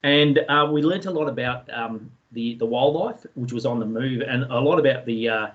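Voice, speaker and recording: An Australian man telling a story in a relaxed way, with many fillers, as a guest speaker in an online session. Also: mid-range voice, normal speed, dull audio. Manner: chatty, anecdotal, many fillers.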